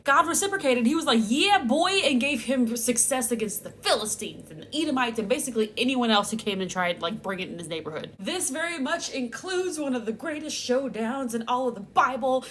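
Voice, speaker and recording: Woman, fairly high voice, sarcastic, playful, comedic bible recap vlog, faint background hiss. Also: animated, moderate pace, few pauses, fairly bright tone. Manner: sarcastic, playful, exaggerated asides. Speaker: host.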